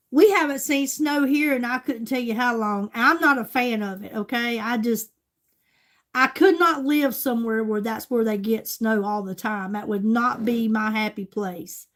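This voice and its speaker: A woman's voice: fairly high pitch, fairly bright tone. An older woman, a grandmother chatting casually with her livestream viewers in a gushing way. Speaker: livestream host.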